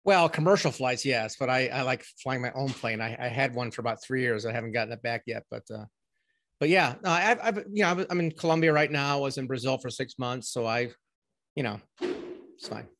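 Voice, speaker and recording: A middle-aged man talking as a guest on a remote interview, telling long stories in a rambling, animated way with many fillers and restarts. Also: medium pitch, brisk. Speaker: podcast guest, ghostwriting company owner. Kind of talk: casual interview storytelling.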